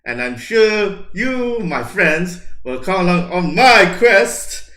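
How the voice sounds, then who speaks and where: A boastful paladin, played by a man, makes slow, grand proclamations. The voice is bright and clear. A roomy echo hangs around each line. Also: sits high, big pitch swings, exaggerated voice. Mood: grandiose.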